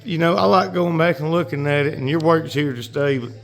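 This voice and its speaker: A man's voice: on the high side, a little fast, creaky. A middle-aged man with a Southern US accent, chatting casually to viewers from an outdoor building site, folksy and talkative, his throat a little dry. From North Georgia. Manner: folksy, addresses viewers as y'all. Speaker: builder and vlogger. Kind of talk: casual chat to camera. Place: outdoors at a house construction site.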